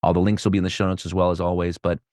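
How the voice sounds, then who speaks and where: Male podcast host, very low voice, dry close recording, relaxed and encouraging. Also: rapid-fire, no room sound. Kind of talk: casual interview chat. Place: home office.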